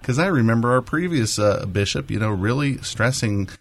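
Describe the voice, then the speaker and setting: A man's voice: mid-range voice, animated, normal speed, creaky. A man co-hosting a radio talk show, chatting casually with frequent fillers and restarts. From South Carolina.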